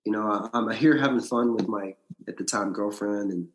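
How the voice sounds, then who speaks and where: A man, an actor and podcast guest, telling his story in a casual interview, with blunt, animated retelling and free swearing. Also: lowish voice, normal speed. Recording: roomy echo.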